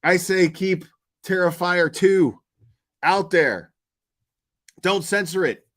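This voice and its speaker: A man's voice: sits high, takes it slowly, fairly bright tone. A man hosting a commentary channel, talking casually and profanely, rambling and answering his chat.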